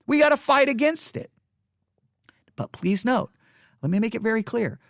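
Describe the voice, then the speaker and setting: Man, high voice, Bible teacher, emphatic lecture, repeats himself, dry close sound. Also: vocal fry, no room sound. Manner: emphatic, repeats points, swings between loud stress and quiet asides.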